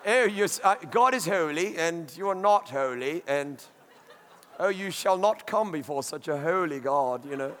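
A man's voice: fairly high pitch, animated, moderate pace, fairly bright tone, slight background noise, pitched below the performer's own voice. A man putting on a haughty English accent to play a snooty preacher.

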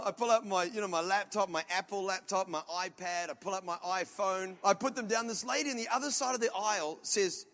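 A man preaching a sermon as a pastor, telling loud, animated stories with comic outbursts. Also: high-pitched, brisk, few pauses.

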